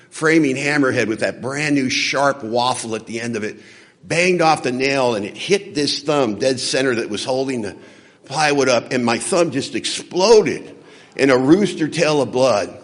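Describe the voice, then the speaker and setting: Male recovery speaker with a mid-range voice and lively swings in pitch, telling a story on a convention stage, with hall reverb. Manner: animated storyteller acting out dialogue. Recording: hall reverb from a large venue.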